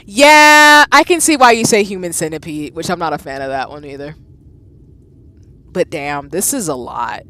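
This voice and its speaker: A woman in her thirties streaming a game live, reacting with loud exclamations and chatting with her viewers. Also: lowish voice, animated, moderate pace. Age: 30s.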